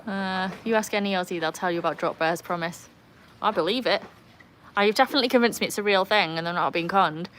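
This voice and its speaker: A woman's voice: fast talker, slight background noise. A British woman hosting a casual livestream by the pool, chatting, rambling and reading out viewer comments. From Britain. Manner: chatty, rambling, self-mocking, talks to her dogs in a high excited voice. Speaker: livestream host. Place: outdoors by a pool with dogs.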